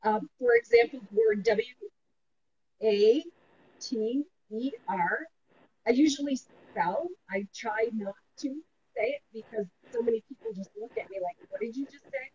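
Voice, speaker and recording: A woman's voice: a little high, sing-song, unhurried, darkish tone. Chatty woman on a dull call line. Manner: chatty, upbeat, freely tells personal stories. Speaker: guest, marketing company president. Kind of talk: casual interview storytelling. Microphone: video call. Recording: dull lo-fi call audio, faint noise.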